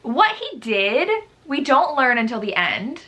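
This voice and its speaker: A young woman talking casually in a book vlog, animated and exasperated as she gushes and rants about a read. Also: a little high, unhurried, noisy background. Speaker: book vlogger.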